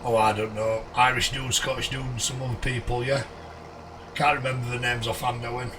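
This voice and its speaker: A man live-streaming a game, greeting viewers by name in a chummy way, his voice going a little hoarse. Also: mid-range voice, little pitch movement, fairly quick, distant mic, noisy background.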